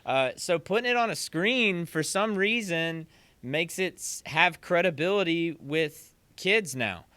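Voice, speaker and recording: A young man, a percussion teacher, chatting as a podcast guest and lively acting out what others said. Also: a little high, unhurried, clear, resonant tone, dry recording. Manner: animated storyteller who acts out quotes. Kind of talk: casual podcast chat.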